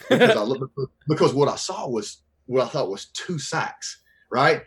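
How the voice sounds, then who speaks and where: Podcast guest, man, 30s, from the Southern US, lively storyteller who acts out quotes. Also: medium pitch, moderate pace. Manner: animated, acts out quoted voices. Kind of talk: casual storytelling.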